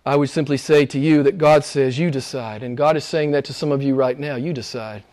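A man preaching a sermon as pastor, moving between hushed, almost whispered lines and loud, emphatic passages. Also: mid-range voice, steady tone, a little fast.

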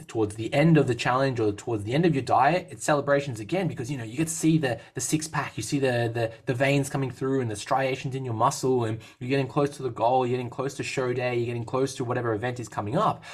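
A man hosting a fitness podcast as a coach, upbeat and rambling with lots of fillers and restarts. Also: mid-range voice. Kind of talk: casual podcast chat.

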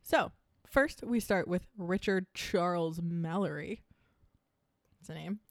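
A woman's voice: fairly low pitch, slow, no echo. Chatty young woman, dry close sound. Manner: chatty, joking, swears casually. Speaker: podcast co-host. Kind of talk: casual true-crime chat.

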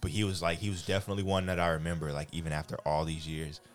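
Co-host, deep-voiced, slangy and relaxed, faint music in the background. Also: male voice, racing. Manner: laid-back, slangy, swears freely. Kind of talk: casual chat.

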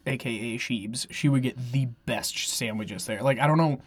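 A man in his twenties co-hosting a podcast in casual chat, laughing easily and throwing in quick asides. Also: mid-range voice, slight background noise. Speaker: podcast co-host.

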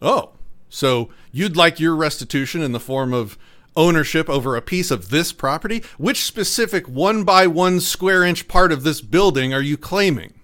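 A man's voice: a little high, expressive, moderate pace, fairly bright tone. A man doing a mock-polite male arbitrator. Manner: patient, mock-polite questioning. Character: calm, incredulous adult male arbitrator.

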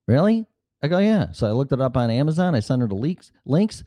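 A middle-aged man talks alone on his own podcast, rambling casually and swearing freely. His medium-pitched voice is mellow and lively in intonation, and he speaks fast. The studio mic and mixer capture him with no room sound.

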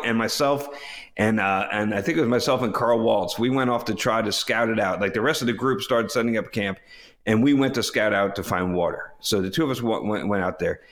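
A man in casual conversation, relaxed and measured as he tells his own expedition story, with frequent fillers. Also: mid-range voice.

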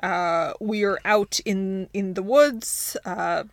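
A woman's voice: mid-range voice, slow, no echo. A woman co-hosting a podcast, giving a laid-back recap of a comic issue in casual chat and laughing easily. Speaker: podcast co-host.

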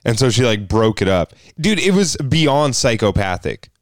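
A man co-hosting a podcast, telling a story in casual chat, animated and profane, acting out the people in it. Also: medium pitch, normal speed, no echo, studio quality. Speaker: podcast co-host.

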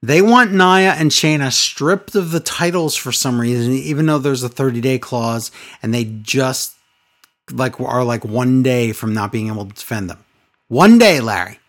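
A woman's voice: a bass voice, expressive, normal speed. A woman co-hosting a casual recap podcast, telling the story with sarcastic exasperation and mocking impressions. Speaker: wrestling recap podcast co-host.

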